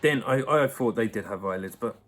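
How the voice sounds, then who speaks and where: His pitch is fairly low and his tone a bit bright, and he talks briskly. The young man runs his own channel and is at home answering viewer questions into a laptop mic, playful, laughing often, and chatting with a baby.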